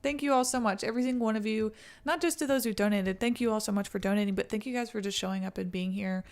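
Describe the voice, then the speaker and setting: A woman's voice: medium pitch, fast, darkish tone. A woman hosting a livestream, chatting casually with viewers and reacting to a video. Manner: chatty, talks to chat, laughs often. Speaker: livestream host.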